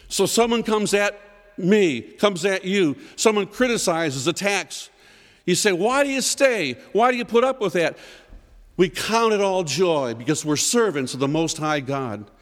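A man preaching a sermon to fellow pastors, quoting scripture and moving between raised emphatic declarations and hushed low passages, often repeating words. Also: big-room sound. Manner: quotes scripture in old-fashioned wording, repeats words.

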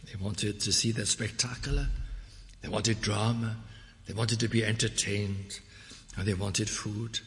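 Male preacher, evening sermon, emphatic swings between loud and hushed, scripture quoted solemnly, long hall reverb. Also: fairly even intonation, unhurried. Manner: emphatic, rising to loud exhortation then dropping low.

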